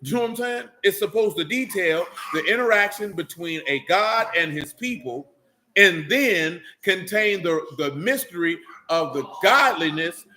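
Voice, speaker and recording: A man with an African American Vernacular English accent gives a sermon-style Bible lesson, high and bright in pitch. He talks in street vernacular and keeps firing off rhetorical questions. Faint background noise sits under the voice. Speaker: teacher.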